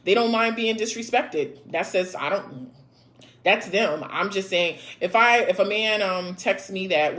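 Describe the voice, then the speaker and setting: A woman's voice: medium pitch, measured pace, a bit bright. A woman in her thirties hosting a casual live chat, reading viewer comments aloud and answering in a blunt, sassy way, with frequent laughs and swearing.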